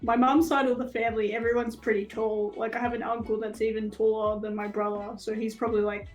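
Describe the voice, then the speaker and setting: A woman with an Australian accent, a guest on a live stream, chatting in a relaxed, rambling way with lots of fillers. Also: on the high side, fast talker, soft background music, low-quality recording. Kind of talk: casual chat on a live stream.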